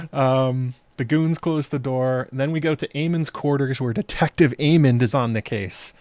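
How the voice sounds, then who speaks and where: A man's voice: medium pitch, a little mellow, dry recording. A man hosting a TV episode breakdown in casual commentary, chatty and sarcastic, laughing at the scenes. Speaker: host of a TV episode breakdown channel.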